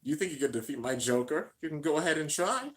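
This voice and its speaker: A cocky young rival issues a calm, offhand challenge, as a man quotes him while reacting to an anime. The voice is soft and close to everyday speech. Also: a little high, fast talker, lightly acted.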